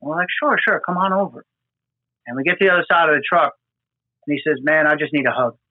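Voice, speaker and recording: A man's voice: a little high, fast talker, no room sound. A man, a firefighter hosting a podcast, telling field stories earnestly with many fillers. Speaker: podcast host, FDNY firefighter. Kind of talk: conversational storytelling. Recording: dry, phone-like remote audio.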